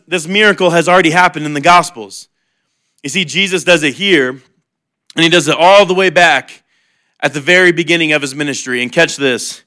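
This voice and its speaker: A man's voice: a little high, sharp tone, clear, resonant tone. A man preaching a sermon in an earnest, conversational way, mixing humor with heartfelt appeal. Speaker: pastor.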